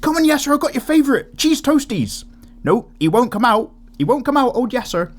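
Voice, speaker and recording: A man putting on an excitable Welsh news presenter with a shrill, sing-song, coaxing voice. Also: fairly quick, exaggerated voice.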